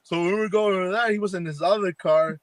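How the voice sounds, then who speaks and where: A man with a fairly high voice tells a spooky story in a loose, rambling way. He acts out what people said and fills his speech with lots of fillers. The sound is dry, as if on a video call. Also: fast talker, dry recording. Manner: rambling, acts out quoted dialogue with many fillers. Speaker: paranormal investigator guest. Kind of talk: casual storytelling on a live chat.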